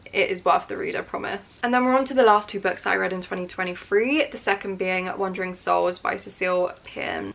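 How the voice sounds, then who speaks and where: A woman's voice: medium pitch, a bit bright. A woman, possibly, chatting as a book vlogger in a casual reading wrap-up, emphatic and candid with her opinions.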